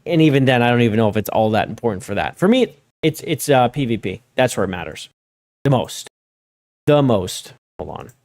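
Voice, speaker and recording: A man's voice: mid-range voice, lively intonation, a little fast, darkish tone. A man hosting a gaming news stream, talking loosely and conversationally with lots of filler words and asides to his chat. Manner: talks to chat viewers directly. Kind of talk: casual live-stream commentary.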